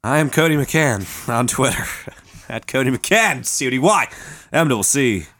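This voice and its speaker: A man co-hosts a comedy podcast with wry, offhand jokes. He speaks at a middling pitch, often low-key and mumbled. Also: lively intonation, normal speed, a bit bright. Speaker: podcast co-host. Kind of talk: casual banter.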